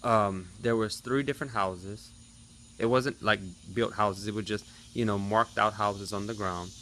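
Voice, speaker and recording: A man's voice: on the low side, fairly even intonation, measured pace, pushed and bright, a little hiss or hum. A man in his thirties chatting casually to his viewers in a vlog recap. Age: 30s. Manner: chatty, talks straight to viewers. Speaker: vlogger.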